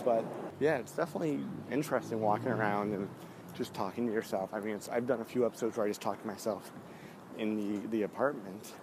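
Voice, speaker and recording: Male host talking to himself on a city walk, breathless and rambling, over noisy traffic. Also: mid-range voice. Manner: rambling, chatty, self-mocking. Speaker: podcast host. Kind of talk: walking podcast monologue. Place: city streets outdoors, then stairwell. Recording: noisy street recording. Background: street traffic and clicks.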